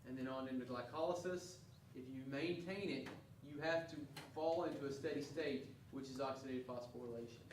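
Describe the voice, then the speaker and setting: A man's voice: mid-range voice, fairly quick, hardly any pauses, a little hiss or hum. A man teaching a class and going over test questions, earnest and often restarting his words. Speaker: instructor. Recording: echoey classroom, mic far off.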